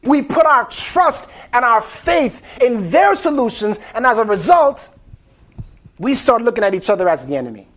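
A man preaches with real fervor, his voice sitting unusually high. He drives points home by repeating his phrases and keeps addressing the congregation as beloved. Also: sing-song, moderate pace, fairly bright tone. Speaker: pastor. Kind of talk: sermon.

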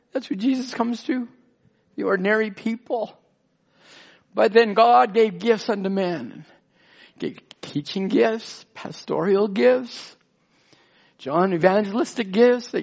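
A man's voice: sits high, creaky, darkish tone, husky, muffled recording. A man preaching an emotional, rambling sermon as pastor in a church, pleading and often near tears. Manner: tearful, pleading, rambling with restarts.

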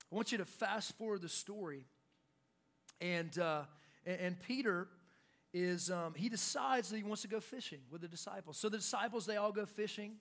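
Young male pastor, light high voice, lively sermon delivery with acted-out lines. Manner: animated, acts out shouted quotes.

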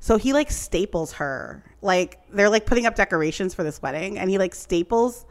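A woman's voice: mid-range voice, moderate pace. A woman in casual chat, telling a long story with lots of fillers. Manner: rambling, animated storytelling with many "like" fillers. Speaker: podcast co-host recapping a TV show.

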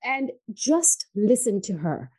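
A woman from Tanzania, a podcast guest, telling her personal story in an earnest, emphatic way that drops soft and low on painful points. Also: very animated, slow pace, husky, low-quality recording.

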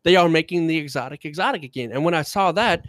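Excitable high-voiced podcast guest. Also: male voice, fast, no echo. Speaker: podcast co-host. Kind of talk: casual gaming podcast chat.

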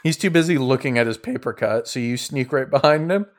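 A man running a tabletop game as game master, narrating in a relaxed, chuckling way with many fillers. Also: mid-range voice, a little fast. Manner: laid-back, chuckling, lots of fillers.

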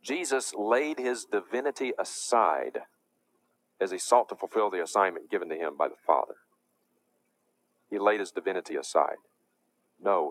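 A man preaching a lecture, emphatic and indignant as he warns his audience. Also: sits low.

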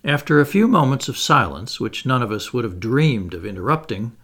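A man narrating a classic novel in a measured, expressive reading style. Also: mid-range voice. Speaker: audiobook narrator. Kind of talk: scripted narration.

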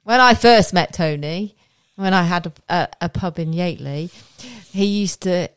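A woman's voice: on the low side, normal speed, clear, resonant tone, dry recording. A woman, co-hosting a casual chat podcast in a chatty way. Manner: chatty, laughs often. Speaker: podcast co-host.

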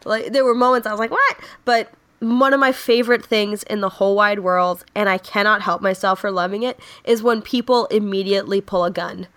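A woman's voice: medium pitch, steady tone, fairly quick, hardly any pauses, fairly bright tone. A woman chatting casually on a podcast, telling funny stories animatedly with lots of fillers and giggles. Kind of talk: casual chat.

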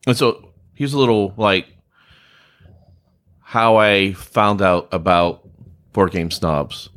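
A man's voice: low voice, steady tone, slow, fairly bright tone. A man, a podcast guest telling stories in casual chat. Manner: easygoing storytelling.

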